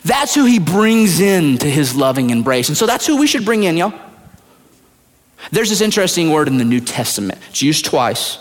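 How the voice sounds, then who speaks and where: A man preaching a sermon as pastor, swinging from loud high retellings to hushed low asides. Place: large church hall. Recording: long hall reverb, at times far from the mic.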